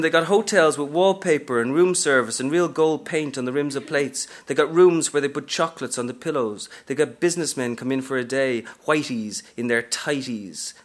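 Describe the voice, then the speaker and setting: A man's voice: mid-range voice, natural voice. A man reading aloud from a novel, narrating as a brash, streetwise aging woman hustler in a sassy first-person style.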